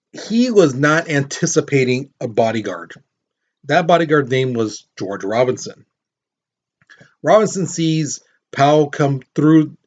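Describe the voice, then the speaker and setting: Male teacher, mid-range voice, chatty lecture that acts out the story; slightly dull recording. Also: mid-range voice. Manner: storytelling with acted-out quotes and questions to students. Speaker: history teacher. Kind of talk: casual classroom lecture.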